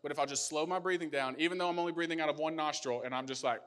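A young male pastor delivers a sermon as a personal story. His voice sits a little high for a man, and he talks in a loose, animated, conversational way, with frequent fillers. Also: rapid-fire.

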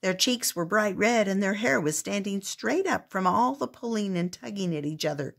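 An older woman reads a picture book aloud, lifting her voice at the exciting moments. Her tone is husky and breathy at a middle pitch, warm in pacing and clearly told. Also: normal speed. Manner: expressive storybook narration. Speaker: storyteller.

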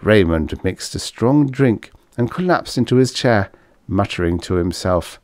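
A male audiobook narrator reading fiction with a lively, animated delivery. His voice sits on the low side, and the recording is dry and close. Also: measured pace, no echo. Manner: expressive, lively storytelling. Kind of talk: scripted narration.

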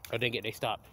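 A man's voice: mid-range voice, pushed and bright, a little hiss or hum. A young man, filming a casual outdoor vlog by a creek on a handheld phone, rambling and stammering as he restarts his sentences. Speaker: vlogger. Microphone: handheld phone camera.

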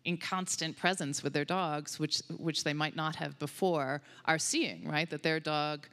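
A woman's voice: low voice, fairly even intonation, a little slow, fairly bright tone. A woman being interviewed as a researcher, telling stories with enthusiasm and animation. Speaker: guest researcher on dog cognition. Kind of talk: conversational interview answers. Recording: long hall reverb.

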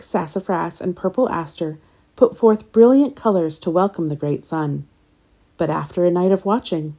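A woman reading a children's nonfiction book and a legend aloud in a gentle, measured storytelling voice. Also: lowish voice. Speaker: storybook reader.

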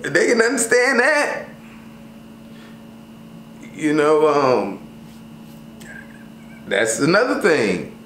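Slangy, animated man vlogging casually. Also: a little high, drawn-out words, long pauses. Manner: loose, slangy, animated storytelling with many fillers. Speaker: travel vlogger. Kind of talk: casual chat to camera. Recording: roomy sound with faint ambient noise.

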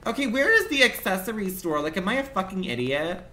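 A man's voice: sits high, sing-song, a little fast, bright, forceful tone, a little hiss or hum. A young man livestreaming a game, rambling in a campy, dramatic, profane way at home. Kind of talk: casual game commentary.

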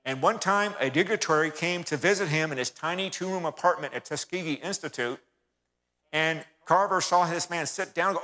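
A folksy man delivering a history talk from the front of a church, fairly high-voiced and bright. He keeps turning to his audience and calling them folks. A long reverb from the church hall hangs behind his voice. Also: a little fast. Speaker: guest speaker.

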